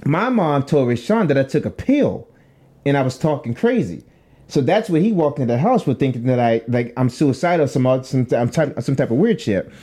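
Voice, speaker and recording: A young podcast co-host with a husky, mid-range voice tells a long, profane story during casual chat at normal speed. He's animated and acts out the voices of the people he quotes.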